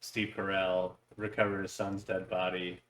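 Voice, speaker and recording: A man's voice: deep voice, little pitch movement, normal speed, a bit bright. A man chatting casually on a podcast, laid-back and full of fillers. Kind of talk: casual chat. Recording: echoey room.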